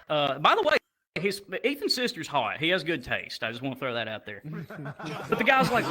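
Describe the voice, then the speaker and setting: Bright-voiced, animated young male comic. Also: a little high, normal speed. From Alabama, USA. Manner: animated, swears casually. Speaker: stand-up comedian. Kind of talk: stand-up comedy storytelling. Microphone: handheld stage microphone.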